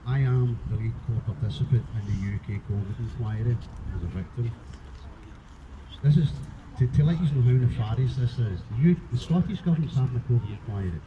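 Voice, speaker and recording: A man giving an impassioned speech at a public rally, emotional and forceful, swearing now and then. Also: medium pitch, expressive, brisk. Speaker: rally speaker. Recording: muffled, with background noise.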